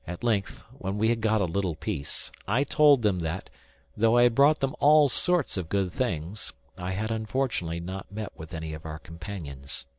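Lively low-voiced man narrating a story. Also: moderate pace, no echo. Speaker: audiobook narrator. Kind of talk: scripted first-person narration.

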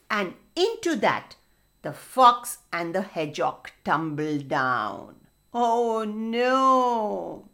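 Expressive woman reading to children. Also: mid-range voice. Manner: expressive, addresses children directly. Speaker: children's storyteller. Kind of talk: storytelling to children.

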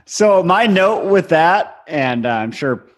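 A man's voice: a little high, lively intonation, takes it slowly. A man co-hosting a casual podcast, making dry, wry asides. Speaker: podcast co-host. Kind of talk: casual chat.

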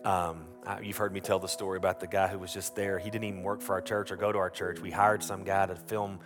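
A man's voice: low-pitched, flat delivery, fast talker. A man preaching a sermon, telling stories in a folksy, earnest way, often restarting his sentences. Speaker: pastor. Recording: music playing under the voice.

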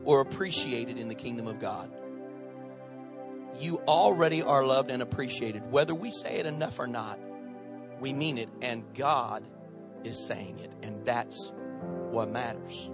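A male pastor preaching a sermon with passion and conversational humor. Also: on the high side.

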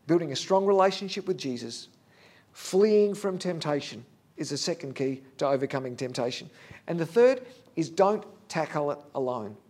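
A man's voice: sits high, darkish tone. A man preaching a sermon, earnest and candid, talking plainly to the congregation with fillers.

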